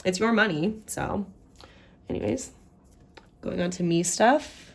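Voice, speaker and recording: A woman's voice: medium pitch, measured pace. A young woman casually walking through a budget, chatting and thinking aloud as she works out the sums. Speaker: budgeting vlogger.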